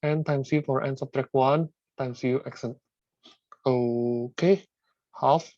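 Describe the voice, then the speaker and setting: A man's voice: medium pitch, steady tone, unhurried, mellow, no echo. Man teaching math, dull lo-fi sound. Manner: repeats words and restarts, asks "right?" after steps. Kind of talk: tutorial lesson working through examples.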